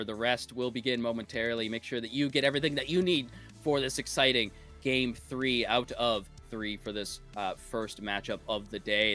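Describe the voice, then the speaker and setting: A man's voice: medium pitch, pushed and bright. A man co-casting an esports match live, often stammering and repeating words at the start of his sentences. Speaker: esports co-caster.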